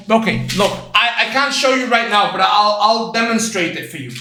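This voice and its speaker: A man streaming casual reaction commentary, excitable and blunt, repeating himself and swearing as he explains technique. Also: sits high, normal speed, few pauses, very echoey, recorded from a distance.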